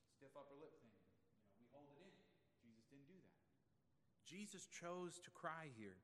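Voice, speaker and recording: A man's voice: mid-range voice, fairly bright tone, a little hiss or hum. A male pastor giving an expository sermon in a conversational way, asking the congregation rhetorical questions. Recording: long reverb of a large room.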